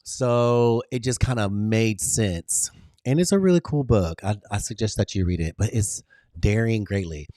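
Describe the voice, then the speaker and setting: In dry, studio-quality sound with no echo, a man hosts a livestream, his dark-toned voice expressive at a moderate pace. He delivers an emphatic motivational talk, greeting viewers by name and repeating affirmations with big swings in pitch.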